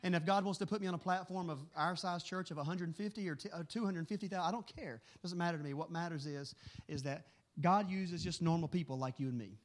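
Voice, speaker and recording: A middle-aged man preaching a sermon, telling animated stories in a quick, excitable way. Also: high voice. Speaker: pastor.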